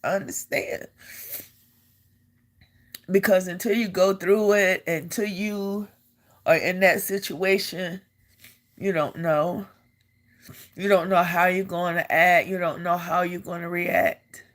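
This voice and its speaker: An older woman recounts her own experience in a low voice, taking her time over every word. She speaks earnestly as she tells her story and repeats phrases to drive a point home. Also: fairly even intonation, slow, pauses often. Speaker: vlogger and army veteran. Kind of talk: personal storytelling.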